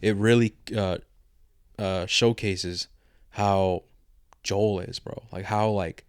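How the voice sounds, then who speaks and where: A man's voice: fairly low pitch, fairly even intonation, slow pace, clear, resonant tone, no echo, studio quality. A man co-hosting a podcast in casual chat, rambling in slang and retelling scenes with quoted lines. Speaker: podcast co-host.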